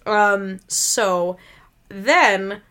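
A young woman co-hosting a podcast, chatting casually in an animated way, laughing often and acting out quotes from a film. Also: medium pitch, extremely slow, background noise. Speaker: podcast co-host. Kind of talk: casual chat.

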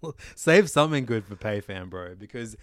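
A man co-hosting a comedy podcast, laughing along and tossing in quick asides. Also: fairly low pitch, animated, no room sound. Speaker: podcast co-host. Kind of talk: casual comedic banter.

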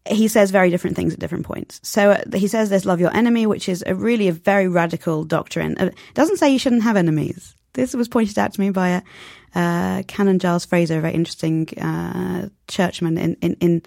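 Woman with a gravelly voice. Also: on the low side, a little fast, no echo, clean studio sound. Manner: animated, acts out quoted voices. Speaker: novelist guest. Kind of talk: conversational interview.

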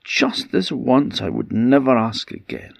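A man's voice: rumbling low, lively intonation, takes it slowly, dry recording, exaggerated voice. Oisin, a man playing a pleading, homesick hero. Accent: Orkney Scottish. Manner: pleading, eager promises. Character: homesick young hero husband, pleading and eager.

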